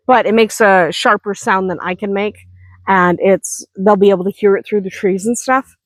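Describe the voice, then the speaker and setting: A woman's voice: medium pitch, fairly even intonation, a little slow, no room sound. A woman chatting casually in a farm vlog, self-deprecating and laughing often. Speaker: vlogger, hobby farm owner.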